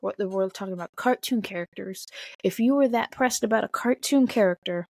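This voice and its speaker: A young woman and mother talking bluntly to camera in a casual vlog, swearing often and getting animated. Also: mid-range voice, fairly quick, gravelly, no echo. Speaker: mother of a toddler.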